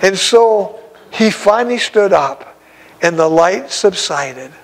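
A man's voice: high voice, lively intonation, slow pace, rough recording. A man, an evangelist, telling a story in a sermon in a folksy, exclamatory way with frequent chuckles.

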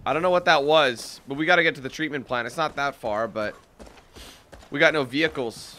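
A man doing casual let's play commentary on a video game. He swears freely and breaks into frustrated shouting. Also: a little high, fairly quick, a little hiss or hum. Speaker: gaming channel host. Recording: game music playing underneath. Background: video game music and sounds.

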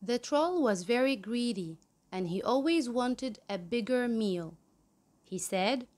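A woman hosting her own channel, reading a children's story aloud in a slow, clear storybook manner. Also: a little high, animated.

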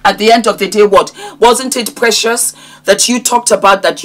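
A woman in her fifties, a vlogger reacting to celebrity news, delivers impassioned commentary addressed directly to the person she's discussing, sounding emotional and preachy. Her voice is medium in pitch and a bit bright, with fairly even intonation and a moderate pace.

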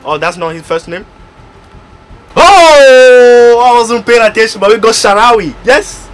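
A man commenting on his video game pack opening, excitable and bursting into loud exclamations. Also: very high voice, measured pace. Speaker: gaming YouTuber.

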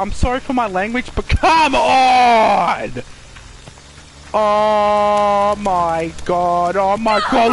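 A man giving excitable live gameplay commentary, swearing and shouting at the characters on screen. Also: very high-pitched, slight background noise. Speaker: gamer.

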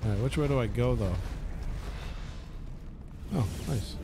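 A let's play host with a mid-range voice and measured pace comments casually on a video game as he plays. He's chatty and sarcastic and swears freely, with game music running under his voice.

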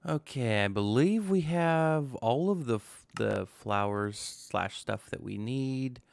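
Gravelly young man chatting through gameplay. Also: mid-range voice, expressive, takes it slowly. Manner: chatty, self-talking, joking asides. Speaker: gaming channel host. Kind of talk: casual gameplay commentary.

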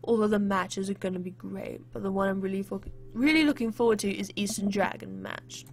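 Woman reading as a soft-spoken bookish teacher dad. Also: medium pitch, brisk, lightly acted. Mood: subdued. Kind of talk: reading a game's dialogue aloud. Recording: game music playing behind.

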